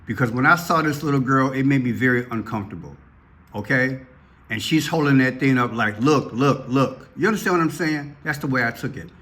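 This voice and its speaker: A man's voice: a little fast, fairly bright tone. A man giving casual commentary to his viewers, repeating himself often and calling out to the audience. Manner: rises sharply in pitch when worked up. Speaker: online video commentator.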